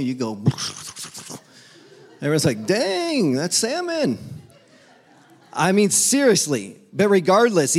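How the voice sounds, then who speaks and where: A young man preaches in a loose, joking way, slipping into quick voiced exchanges between himself and God. His pitch sits in an ordinary middle range for a man, and his talk stays relaxed and conversational from line to line. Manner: casual, joking preacher who acts out dialogues with God. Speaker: pastor. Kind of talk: sermon.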